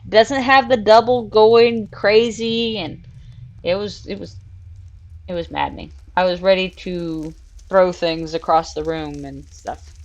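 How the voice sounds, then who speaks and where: A woman's voice: lowish voice, fairly even intonation, a little slow, muffled recording. A woman hosting a casual live stream, chatting and laughing while she builds in a virtual world and coos at her cats. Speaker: streamer and show host.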